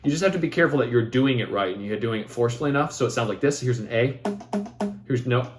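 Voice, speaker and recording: Man, mid-pitched voice, relaxed teaching walkthrough, filler-heavy, faint saxophone demos behind. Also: fast, over music. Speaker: composer demonstrating his piece. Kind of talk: casual instructional walkthrough. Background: saxophone demonstrations.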